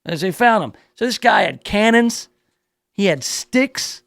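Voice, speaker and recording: A man's voice: high voice, expressive, measured pace, vocal fry, fairly bright tone, no room sound. A male radio talk show host reading a news story aloud in a playful, riffing way, drawing out words for emphasis in his studio.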